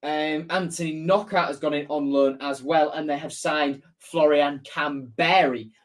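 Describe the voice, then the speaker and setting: A man's voice: a little high, fairly even intonation, measured pace. A man hosting a casual live-stream football match preview, chatting and reading out viewer comments as he answers them. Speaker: football fan channel host.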